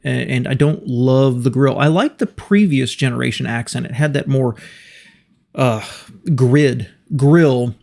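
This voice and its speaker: Gravelly chatty man hosting a car vlog. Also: medium pitch, unhurried, a little mellow. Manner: chatty, opinionated, thinks aloud. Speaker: car video host. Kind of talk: casual reaction commentary.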